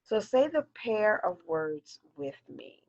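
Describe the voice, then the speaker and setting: A woman teaching a phonics lesson to children, slowly drilling pairs of words for the class to repeat. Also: mid-range voice, sing-song, darkish tone, no echo, muffled recording. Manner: slow, clearly drilled word pairs.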